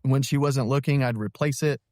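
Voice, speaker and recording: A man in his thirties telling his personal story as a podcast guest, earnest and halting, with many fillers and restarts. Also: medium pitch, steady tone, mellow, dry recording, studio quality. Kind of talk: personal testimony in an interview.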